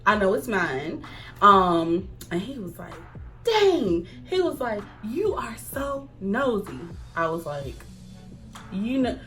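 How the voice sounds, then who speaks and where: A young woman chatting casually to camera, animated, acting out quoted lines and laughing often. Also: mid-range voice, slow, faint music behind. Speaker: vlogger. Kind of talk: casual storytime chat.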